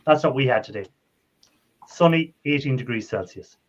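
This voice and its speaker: A man's voice: medium pitch, animated, moderate pace. An Irish man hosting a casual live chat, rambling and friendly, laughing often. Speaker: livestream host. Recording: dull lo-fi stream audio.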